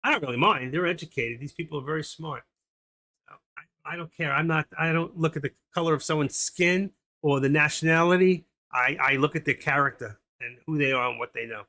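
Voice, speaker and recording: A man's voice: a little high, fairly quick, sharp tone. A middle-aged man hosting a live stream, chatting casually and telling jokes in a rambling way, laughing at his own punchlines.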